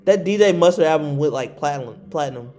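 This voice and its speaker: A man's voice: on the high side, animated, a little mellow, faint music behind. Slangy young man arguing his point. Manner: slangy, argumentative, quick to push back. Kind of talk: casual chat.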